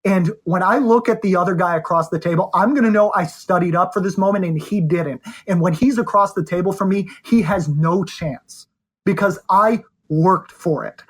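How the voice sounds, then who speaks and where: A man talking at a rapid, caffeinated clip as a guest on a podcast. He pushes hard with rhetorical questions and challenges, driving home each point about study and confidence. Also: sits high. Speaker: poker coach, podcast guest. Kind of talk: animated conversation.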